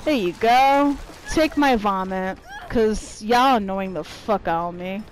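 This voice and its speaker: A woman's voice: mid-range voice, slow, slight background noise, low-quality recording. A woman giving profane, irritated live commentary while playing a video game, trash-talking her opponents. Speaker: gameplay streamer.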